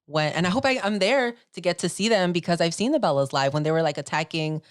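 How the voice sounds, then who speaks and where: A woman's voice: lowish voice, lively intonation, fast, no room sound, studio quality. A woman hosting a podcast, chatting casually with chatty, giggly fan enthusiasm. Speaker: podcast host.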